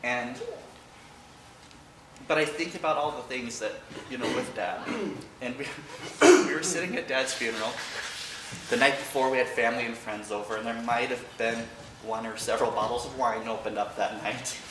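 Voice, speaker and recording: A man's voice: mid-range voice, background noise. Guy sharing a story about his dad at church, choked up but joking, echoey and far from the mic. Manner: halting, emotional, with self-deprecating humor. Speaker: church member giving a remembrance. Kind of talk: personal storytelling speech. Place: large church hall. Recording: echoey hall, picked up from afar.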